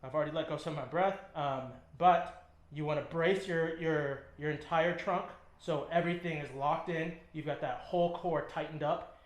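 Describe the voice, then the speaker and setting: A man coaching a workout in a gym, his voice bouncing off the room around him. He sits a little high for a man and talks in short cues while he lifts, with plenty of ums between them. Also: fairly even intonation, normal speed, roomy sound. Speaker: fitness trainer. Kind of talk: instructional demonstration. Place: gym, indoors.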